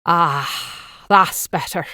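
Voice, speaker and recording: A woman voicing a jolly, joking male Irish bus guide with a booming voice and a broad Irish accent put on. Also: drawn-out words, no echo, clean studio sound, heavily acted. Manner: joking, loud and drawn out.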